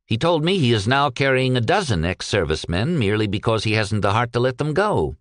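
A man's voice: mid-range voice, big pitch swings, a little fast, dry recording, studio quality, voice pushed up, natural voice. A man reading aloud and voicing a cheerful young veteran who speaks earnestly and politely. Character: cheerful young one-armed ex-soldier.

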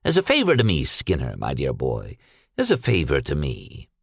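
A man's voice: very deep voice, huge pitch swings, normal speed, vocal fry, slightly rough, no room sound, studio quality, pitched below the performer's own voice, full character voice. A man reading aloud and voicing a shrewd, genial retired old businessman who talks in a purring, folksy way. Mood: amiable.

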